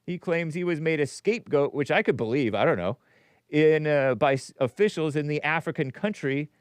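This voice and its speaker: Rambling call-in host, smooth dry voice. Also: male voice, a little high, moderate pace, no room sound. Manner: rambling, self-interrupting, chuckling. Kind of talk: casual radio call-in talk.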